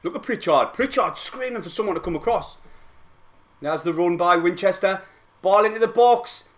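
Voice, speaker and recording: A young man, excitably commentating on a football match for his live-stream viewers and swearing freely. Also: high voice, moderate pace.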